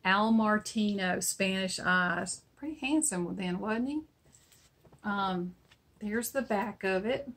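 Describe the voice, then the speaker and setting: Chatty breathy woman with a twang. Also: mid-range voice, takes it slowly, fairly bright tone. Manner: chatty, laughs while telling stories. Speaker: online vintage seller. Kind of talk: casual product showcase and storytelling.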